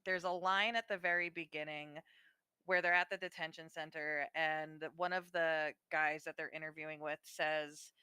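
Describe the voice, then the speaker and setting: A woman's voice: deep voice, steady tone, moderate pace, sharp tone, clear, resonant tone, no echo. A woman co-hosting a podcast, reflecting earnestly on a film she finds upsetting. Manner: earnest, reflective, emotionally invested. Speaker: podcast co-host. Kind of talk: casual movie discussion.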